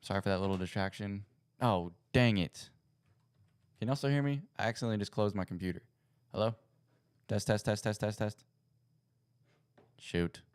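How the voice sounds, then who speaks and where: Young man, deep smooth voice, rambling casual chat, dry close sound. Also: moderate pace, pauses often, no echo. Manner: rambling, self-correcting, chatty. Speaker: podcast host. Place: home setup at a computer.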